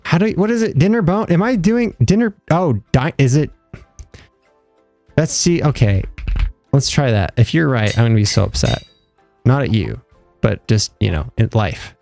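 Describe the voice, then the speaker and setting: A man's voice: mid-range voice, expressive, moderate pace, gravelly, pauses often, darkish tone, faint music behind. A young man streaming a game live, chatting casually with his viewers in a rambling, joking, self-mocking way. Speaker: livestreamer. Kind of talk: casual live gameplay chat.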